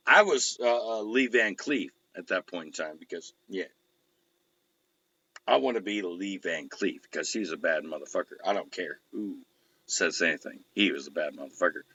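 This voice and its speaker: A man's voice: medium pitch, sharp tone, no room sound, highs cut off. A man hosting a talk show, telling rambling stories in casual chat and swearing constantly. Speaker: show host.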